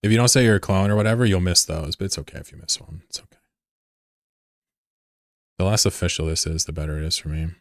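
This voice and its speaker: A man's voice: low voice, fast, long pauses, no room sound, studio quality. A man leading an online game fleet on a live stream, talking casually in a rambling, joking way with plenty of swearing into his desk mic. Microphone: desk microphone.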